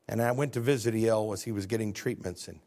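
A man's voice: on the low side, quick pace, dark tone. A male pastor preaching a sermon, telling stories and rising to fervent peaks.

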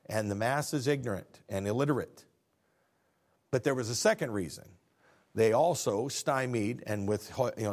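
Animated preaching man in his fifties. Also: mid-range voice. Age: 50s. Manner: preaching with rhetorical questions and acted-out dialogue. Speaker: pastor. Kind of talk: sermon.

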